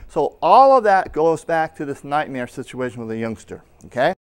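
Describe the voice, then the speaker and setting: Teaching at a Bible school, a middle-aged pastor speaks at normal speed in a fairly high, sing-song voice that rings clear and resonant. He keeps the sermon conversational and plays out little anecdotes.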